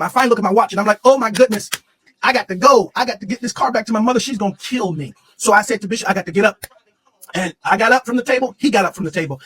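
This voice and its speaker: Interviewee, man, earnest storyteller, high pitch, breathy tone. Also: a bit bright, low-quality recording. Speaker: interviewee telling his story. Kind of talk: emotional personal testimony.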